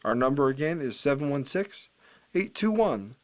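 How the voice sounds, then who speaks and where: A man reading scripted station announcements, measured and clear, slowing down for phone numbers. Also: medium pitch, big pitch swings. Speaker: radio reading service announcer.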